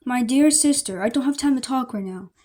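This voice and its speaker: A woman's voice: high voice, fairly quick, mellow. A woman voicing a sulky young prince who hates getting up, speaking in a groggy, grumbling way. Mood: grumpy. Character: sleepy, grumpy young male prince.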